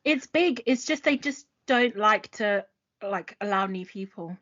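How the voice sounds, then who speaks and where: A woman's voice: medium pitch, lively intonation, a bit bright. Chatty young woman co-host. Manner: casual, quick and chatty with slang. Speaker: podcast co-host. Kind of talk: casual chat. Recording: dull lo-fi recording.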